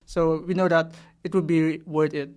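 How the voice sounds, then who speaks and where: A woman's voice: low voice, little pitch movement, moderate pace, a little mellow. A young woman from the Philippines, an orchestra scholar answering interview questions earnestly and laughing often. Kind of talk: interview conversation.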